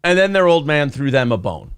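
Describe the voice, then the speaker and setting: A man in his forties hosting a casual morning show, telling a long deadpan joke full of fillers and reading out chat comments. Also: fairly high pitch, fairly quick, clean tone, no room sound.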